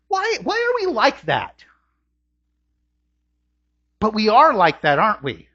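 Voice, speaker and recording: A man preaches a sermon from a church, his husky voice swinging widely in pitch and climbing on his rhetorical questions. The recording sounds dull and lo-fi. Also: big pitch swings, normal speed, sharp tone. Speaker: pastor. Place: church sanctuary.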